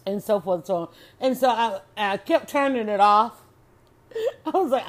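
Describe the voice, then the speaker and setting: A woman chatting casually on her own, animated and exclamatory, often restarting her sentences. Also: fairly high pitch, moderate pace. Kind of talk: casual solo chat.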